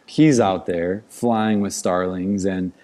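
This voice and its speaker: A man's voice: low-pitched, fairly even intonation, slow pace, warm tone. A man, a podcast guest, telling a story in casual conversation, rambling with many "like" fillers. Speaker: podcast guest, outdoor educator.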